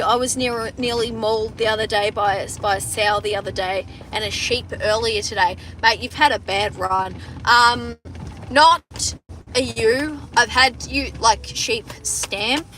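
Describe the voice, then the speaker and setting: A young Australian woman chats on a phone livestream from inside a moving car, with faint road hum behind her. Her voice is bright and fairly high. She rambles and swears freely, and often restarts her sentences. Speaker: farmer livestreaming to viewers. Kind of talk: casual livestream chat. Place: inside a car driving around a farm. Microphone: phone front camera.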